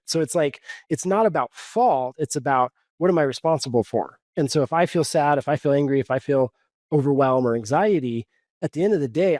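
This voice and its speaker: A man's voice: mid-range voice, darkish tone, dry recording, studio quality. A man coaching in a podcast interview, explaining step by step in an earnest tone and acting out his own inner dialogue. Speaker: guest coach.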